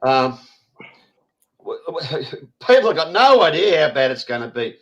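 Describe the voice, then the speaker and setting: Brief: Aussie male host, blunt and irritable, swears freely, slightly high voice, video call. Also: sing-song, a little slow, highs cut off. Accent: Australian. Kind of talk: casual online roundtable chat.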